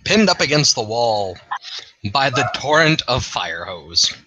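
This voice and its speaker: A man's voice: mid-range voice, big pitch swings, a little slow, bright, forceful tone, low-quality recording. A man narrating scenes and rulings as game master of a tabletop role-playing game. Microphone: computer mic.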